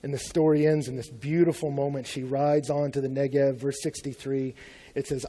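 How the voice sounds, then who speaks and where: A man's voice: medium pitch, level tone, normal speed, warm tone. A young adult man preaching a sermon as a pastor in a conversational, humorous storytelling way.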